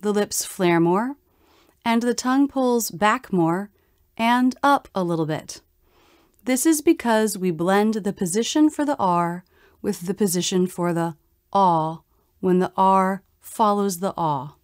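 Female pronunciation teacher, unhurried and precise, dry close sound. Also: mid-range voice, no room sound. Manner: slow, careful, demonstrates vowel sounds. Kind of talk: scripted instructional narration.

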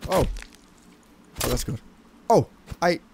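A man's voice: on the high side, lively intonation, slow, gravelly, darkish tone, a little hiss or hum. A man giving crude, jumpy commentary while playing a game, with constant squeamish reactions and swearing. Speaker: let's play gamer. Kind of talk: gameplay commentary.

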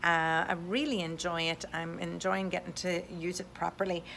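Speaking at normal speed with a low, gravelly yet fairly bright voice and fairly even intonation, a woman realtor from Europe gives an enthusiastic, positive video update from home. She uses a USB desktop condenser mic, there's slight background noise, and she says "uh" a lot.

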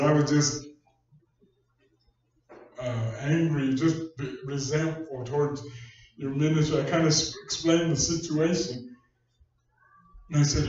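High-voiced preaching man in an echoey church. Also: a little mellow. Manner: conversational storytelling preaching, folksy. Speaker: pastor. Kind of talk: sermon. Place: church hall. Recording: distant echoey church recording, dull sound.

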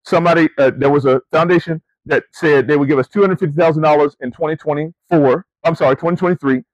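Animated, high-voiced man preaching. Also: fast, dry recording, dull audio. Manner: animated storytelling, rising emphatic questions; conversational, addresses listeners as family and y'all. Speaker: preacher and camp ministry CEO. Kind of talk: sermon to student athletes.

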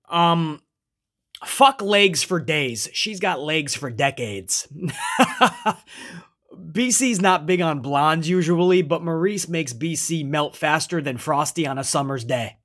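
A man with a slightly higher-pitched voice gives a loose, casual recap as a show reviewer. He swears freely, ends phrases with "man" and talks about himself in the third person. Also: fairly bright tone.

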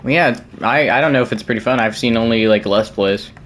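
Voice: mid-range voice, brisk, fairly bright tone, slight background noise. A streamer playing a horror game live, reacting with jokes and sudden exclamations while chatting with viewers. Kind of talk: live gameplay commentary.

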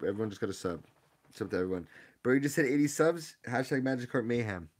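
Excitable young man live-streaming. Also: mid-range voice, quick pace. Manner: excitable, rambling, hypes up the audience. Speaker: streamer opening trading card packs. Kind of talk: casual live-stream chat with viewer shout-outs.

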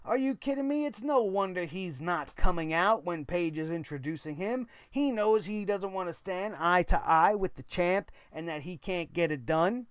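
Blunt, high-voiced male show reviewer. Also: expressive, normal speed, hardly any pauses, clear, resonant tone, no echo, studio quality. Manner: blunt, opinionated, swears casually. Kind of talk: casual commentary monologue.

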